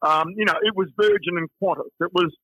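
A man's voice: high-pitched, brisk, pushed and bright, husky, no room sound, dull audio. A middle-aged man with a broad Australian accent, a guest telling stories in a conversational interview. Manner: anecdotal, chatty storyteller. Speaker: guest, finance and media figure.

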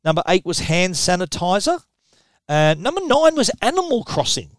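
This middle-aged Australian tech host speaks at a moderate pace in a high-pitched voice, dryly recorded. Discussing tech news on radio, he's chatty and lively, restarting sentences often with repeated words.

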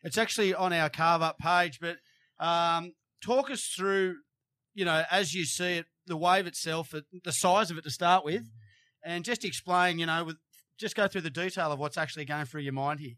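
Male host, somewhat high, bright voice, loose rambling studio questions. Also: moderate pace. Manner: rambling, filler-heavy questions. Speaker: show host. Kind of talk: casual interview hosting.

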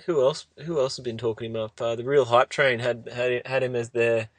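A man's voice: mid-range voice, steady tone, a little fast, no room sound. A man with an Australian accent hosting a casual sports podcast chat, rambling through his points and laughing often. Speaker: podcast host.

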